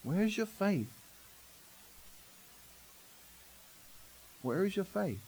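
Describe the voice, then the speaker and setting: A man preaching, voicing a calm Jesus who speaks softly and low. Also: moderate pace, slightly rough, full character voice.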